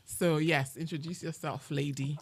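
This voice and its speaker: A woman's voice: low voice, steady tone, moderate pace, slightly rough, no echo. A woman from Nigeria hosting a casual podcast chat, laughing often. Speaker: podcast host. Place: home in the UK.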